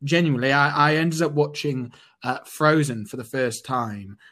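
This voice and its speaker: Young guy on a podcast telling a story, lots of ums and restarts, middle-pitched voice. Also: normal speed. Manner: animated anecdote telling with many fillers and restarts. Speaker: podcast co-host. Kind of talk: casual storytelling chat.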